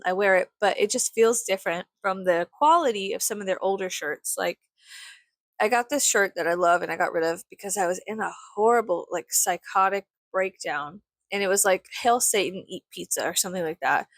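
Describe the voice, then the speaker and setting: A woman's voice: mid-range voice, normal speed, dry recording. Young woman, casual vlog ramble, profane, self-mocking, dry close sound. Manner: chatty, profane, self-mocking, acts out her own thoughts. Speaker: vlogger.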